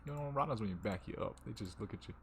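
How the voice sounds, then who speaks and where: A man's voice: medium pitch, a little hiss or hum. A young man chatting casually and telling stories while making beats, slangy and laid-back, laughing often. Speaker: beatmaker streamer. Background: beat playing.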